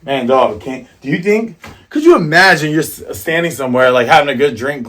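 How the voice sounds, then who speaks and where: A man's voice: fairly high pitch, expressive, normal speed, fairly bright tone. A man hosting a casual, rambling manga review, jokey and slangy with lots of tangents. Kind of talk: casual commentary.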